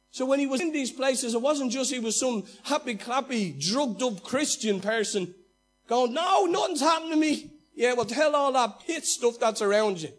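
A man, a pastor, preaching a sermon in an animated way, acting out quoted lines and swinging between loud and hushed delivery. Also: very high-pitched.

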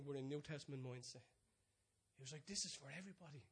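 A man preaching a sermon, telling stories with many restarts, dropping to hushed asides and rising to excited peaks. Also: mid-range voice, fast, husky. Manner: storytelling, swings from soft hushed asides to loud excited peaks.

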